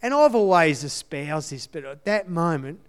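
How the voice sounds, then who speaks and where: A man's voice: a little high, animated, normal speed, clear, resonant tone. A man giving a conversational sermon testimony in an earnest way, repeating his key phrases. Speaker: church speaker sharing testimony.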